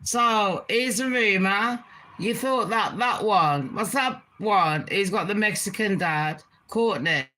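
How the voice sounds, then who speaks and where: A woman holds forth in a casual gossip monologue, blunt and foul-mouthed, turning to her viewers every so often. Her voice is bright and forceful, and she takes her time, drawing each point out slowly. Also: medium pitch. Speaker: gossip vlogger.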